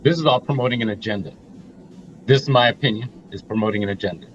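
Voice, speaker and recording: A man's voice: lowish voice, fast, muffled recording, slight background noise. A middle-aged man co-hosting a reaction talk, emphatic and blunt, laying out his points one by one. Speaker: co-host. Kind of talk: opinionated reaction commentary.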